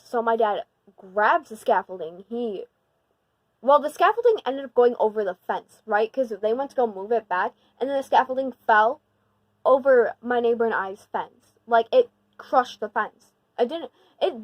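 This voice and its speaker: A young woman telling a storytime on her vlog in a slangy, rambling way full of "like", animated and emphatic. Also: fairly high pitch, no echo, lo-fi sound. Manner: slangy, rambling, heavy use of "like"; animated and emphatic when retelling the scary part. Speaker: vlogger. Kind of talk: casual storytime.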